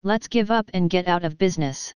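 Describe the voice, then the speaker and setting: A woman reading the lines of a weary, defeated, henpecked comic king in her own low, very smooth voice. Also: fairly quick, darkish tone, dry recording, natural voice. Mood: gloomy. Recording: dry, slightly dull lo-fi.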